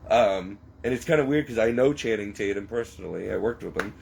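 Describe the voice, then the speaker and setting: A man with a gravelly, creaky voice talks through a personal confession. His speech is rambling and halting, often near tears, with a faint hiss of noise behind him. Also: fairly low pitch, darkish tone, poor audio.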